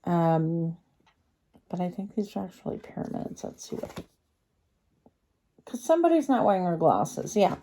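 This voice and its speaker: A woman reads tarot cards for her viewers in a relaxed, rambling way, stopping often to think aloud. Her voice sits a little low and sounds very mellow and dark. Her speech is slightly slurred by a retainer in her mouth. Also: moderate pace, long pauses, a little hiss or hum. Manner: chatty, rambling, thinking aloud with many fillers. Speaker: tarot card reader. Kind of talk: pick-a-card tarot reading.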